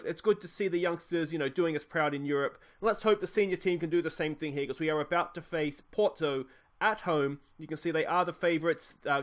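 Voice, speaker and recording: A man casually commentating his football management game, cheering goals loudly and thinking aloud about tactics. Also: fairly high pitch. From Australia. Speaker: gaming YouTuber playing a football management game.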